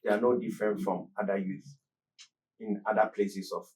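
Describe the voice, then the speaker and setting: A man's voice: on the low side, little pitch movement, normal speed, darkish tone, recorded from a distance, low-quality recording. A man, a guest on an interview show, choosing his words with care. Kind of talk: studio interview.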